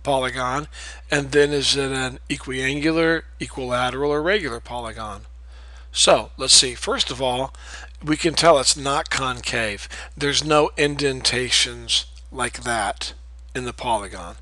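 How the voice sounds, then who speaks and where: A man's voice: medium pitch, measured pace, pushed and bright, no room sound, rough recording. A man teaching a math lesson in a patient, explanatory way, repeating key terms and checking in with "okay?". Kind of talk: recorded classroom lecture.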